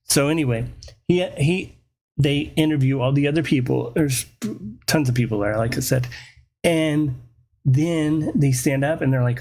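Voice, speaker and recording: A man's voice: medium pitch, unhurried, darkish tone. A man, hosting his own show and ranting through a rambling, profane comedic story. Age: 40s. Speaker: host.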